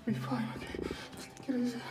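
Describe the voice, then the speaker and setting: An actor playing a worried husband, speaking with a Nigerian English accent in a tender, pleading way. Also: male voice, very high voice, flat delivery, fast, whispered. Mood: distraught. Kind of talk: film acting. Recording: film score under the voice.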